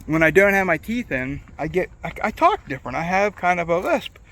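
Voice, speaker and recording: A man's voice: high-pitched, animated, a little fast, a bit bright. Rambling man with loose dentures. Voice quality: slight lisp from loose dentures. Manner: rambling, swears freely, repeats himself. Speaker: vlogger. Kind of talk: casual talk to camera.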